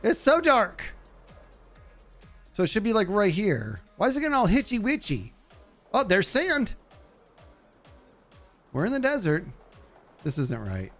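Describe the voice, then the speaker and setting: A man's voice: unhurried, long pauses, soft background music. A man streaming a game live, chatting goofily with his viewers as he plays. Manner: goofy, talks to chat, jumps high in excitement. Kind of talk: live gameplay commentary.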